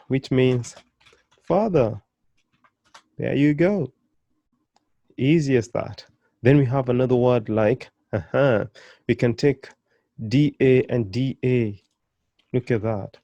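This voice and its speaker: A man teaching an online beginners' language lesson, encouraging and patient, repeating and drilling each word slowly. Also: mid-range voice, lively intonation, warm tone, no echo.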